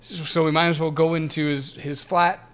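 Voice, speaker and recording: A man's voice: fairly high pitch, flat delivery, moderate pace, fairly bright tone, clean tone. A man co-hosting a retro game podcast, chatting casually with frequent laughs and restarts. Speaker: podcast co-host. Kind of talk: casual chat reviewing a game.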